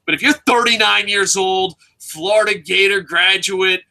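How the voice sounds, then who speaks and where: Casting: brash man, bright tense voice, profane heated rant, fairly high pitch. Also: moderate pace, gravelly. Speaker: wrestling news show co-host. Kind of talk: profane ranting chat.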